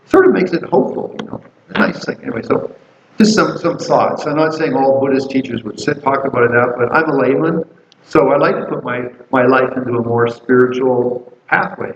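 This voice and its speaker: A man's voice: mid-range voice, fairly quick. Rambling male Buddhist teacher in echoey room. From Canada. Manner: rambling, storytelling, many restarts and fillers. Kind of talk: casual dharma class teaching. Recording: roomy, dull, faint noise.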